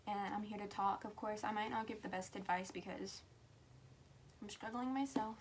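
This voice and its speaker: A woman's voice: mid-range voice, fairly even intonation, moderate pace, slight background noise. A teenage girl talking earnestly and frankly to camera as a vlogger, with emphatic stresses and stretches that drop to a whisper. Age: teen.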